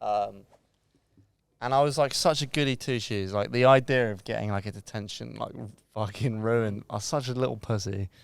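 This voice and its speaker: A man's voice: fairly low pitch, normal speed, vocal fry, dry recording. A man co-hosting a podcast, telling a story in a sweary, self-mocking way. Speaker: podcast co-host. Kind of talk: casual chat.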